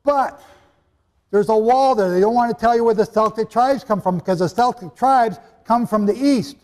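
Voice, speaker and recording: A man's voice: sits high, normal speed. A man teaching the Bible to a live audience in a hall, emphatic, with rhetorical questions and joking asides. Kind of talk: sermon-style lecture to a live audience. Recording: echoey hall with long reverb.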